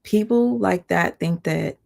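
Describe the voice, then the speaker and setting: A woman's voice: on the low side, slow, gravelly, a little mellow. A woman hosting her own livestream, talking bluntly and heatedly, swearing and reading viewer comments aloud, with a strained voice. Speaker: channel host on a livestream. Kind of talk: casual livestream rant.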